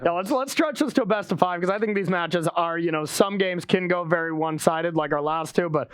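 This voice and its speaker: A man's voice: sits high, clear, resonant tone, no room sound. A man playing a card game match on a show, chatting casually and agreeing often with his opponent. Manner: upbeat, quick agreeing interjections. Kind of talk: casual banter while playing.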